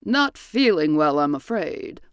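A woman's voice: low-pitched, very animated, clear, resonant tone, no room sound, studio quality, voice pushed down. A woman doing a grave, formal old-time father. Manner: measured, formal. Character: stern Victorian father, grave and reserved.

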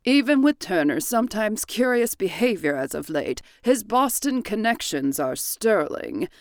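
A woman voicing a stern, reserved father from a period story, speaking in a measured, formal way. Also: mid-range voice, sing-song, no echo, clean studio sound.

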